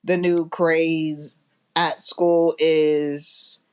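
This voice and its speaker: A woman's voice: low-pitched, little pitch movement, drawn-out words, darkish tone, smooth. A woman chatting casually on a podcast, blunt and exclamatory. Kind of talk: casual chat.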